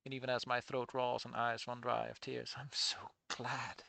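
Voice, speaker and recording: A man reading a first-person fan story aloud and breaking off to critique it, moving between hushed reading and loud, excitable remarks. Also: mid-range voice, normal speed, vocal fry, dry recording. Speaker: fan fiction reader and critic.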